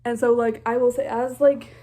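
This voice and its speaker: Gushing young woman with a mellow voice. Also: fairly high pitch, level tone, normal speed. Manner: gushing, heavy on filler "like". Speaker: TV reaction vlogger. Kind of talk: casual reaction commentary.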